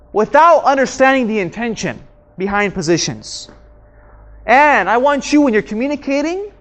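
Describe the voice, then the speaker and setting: A man leading a communication workshop, asking the room questions and repeating his key points. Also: high voice. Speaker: communication trainer. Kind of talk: live workshop instruction. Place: training room with audience.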